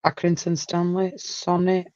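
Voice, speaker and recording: A woman hosting a casual livestream chat, talkative and quick to exclaim. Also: lowish voice, level tone, darkish tone, no room sound, muffled recording. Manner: chatty, exclaims and laughs often. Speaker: livestream host.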